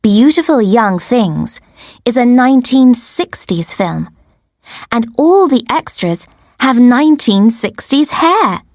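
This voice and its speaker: A woman narrating a simple first-person story for English learners in a clear, deliberate way. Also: a little high, big pitch swings, darkish tone, no echo, studio quality. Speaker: audiobook narrator.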